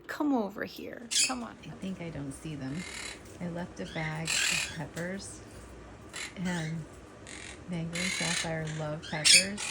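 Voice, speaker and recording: A young woman casually narrating a vlog about her pet birds at home. She laughs often and coos to them in a high sing-song voice. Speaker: pet bird vlogger. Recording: loud bird chirping noise behind.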